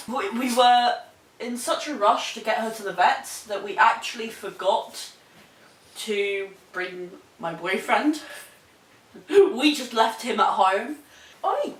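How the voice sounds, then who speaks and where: A young woman with a New Zealand accent telling a story in a sweary, animated way, laughing as she goes. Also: fairly high pitch. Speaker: vlogger. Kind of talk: casual storytelling. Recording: echoey room, mic at a distance.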